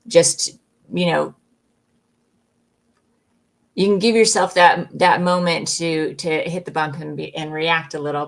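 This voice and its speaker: Low, gravelly woman giving gentle advice. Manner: encouraging, halting, many fillers. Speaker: co-host giving spiritual advice. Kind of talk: live-stream reading.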